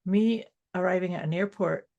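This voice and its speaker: A woman's voice: fairly low pitch, moderate pace, dull audio, crowd noise. A woman hosting a podcast, explaining ideas in a reflective, casual way with frequent restarts. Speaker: podcast host. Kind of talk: casual chat.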